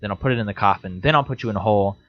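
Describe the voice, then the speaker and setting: Rambling young man, lo-fi podcast. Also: racing. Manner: rambling, joking, jumps into high silly voices. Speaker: podcast co-host. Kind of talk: casual chat. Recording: slightly dull lo-fi sound.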